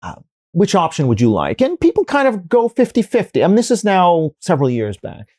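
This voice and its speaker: A man's voice: high voice, wildly swooping pitch, a little fast, a little mellow, no room sound, clean studio sound. A professor being interviewed, building his points step by step through examples and hypotheticals, restarting sentences as he thinks. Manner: frequent restarts and fillers while thinking. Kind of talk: conversational interview answers.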